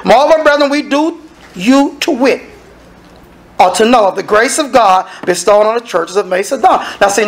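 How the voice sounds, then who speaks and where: A man preaching a sermon as minister, acting out dialogue and sometimes shouting. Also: very high voice.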